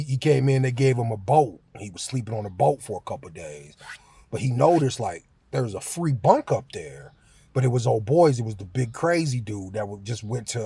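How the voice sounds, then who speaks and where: A man's voice: medium pitch, a little mellow, slightly rough, dry recording. A man telling a story in a casual, slangy monologue, full of filler phrases and laughter. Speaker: vlogger.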